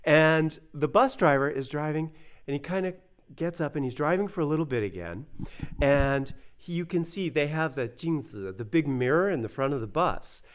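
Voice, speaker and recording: A man from the United States telling a personal story in a casual, animated way, acting out the voices he quotes. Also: fairly high pitch, moderate pace, clear, resonant tone. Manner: animated, acts out quoted voices, many fillers.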